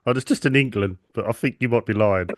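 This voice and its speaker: A man, co-hosting a gaming podcast in casual chat, dry and easygoing with gentle teasing. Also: on the low side, fast talker, dry recording. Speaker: podcast co-host.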